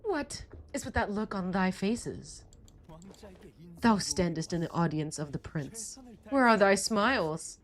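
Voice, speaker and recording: A woman's voice: mid-range voice, lively intonation, measured pace, soft background music, lightly acted. A woman voicing a pompous masked vampire prince. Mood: haughty. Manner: archaic, grandiose speech with thee and thou. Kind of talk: game dialogue read aloud on stream.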